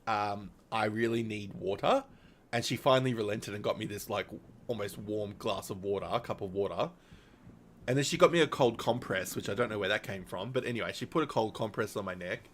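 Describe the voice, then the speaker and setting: Low-voiced man telling a rambling story. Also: fast talker, a little hiss or hum. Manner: rambling, with many fillers and small laughs. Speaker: streamer. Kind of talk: casual storytelling.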